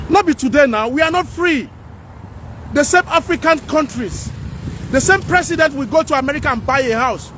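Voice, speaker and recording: Guy preaching hard at the camera outside, super high voice, repeats himself a lot. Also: a bit bright, a little hiss or hum. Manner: fervent, repetitive, preaching. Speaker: vlogger. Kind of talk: impassioned to-camera rant. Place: outdoors by houses on a street.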